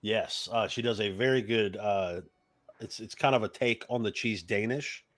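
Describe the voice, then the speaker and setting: Easygoing male game master for a tabletop game, low voice, halting delivery. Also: a bit bright. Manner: easygoing, halting, many fillers.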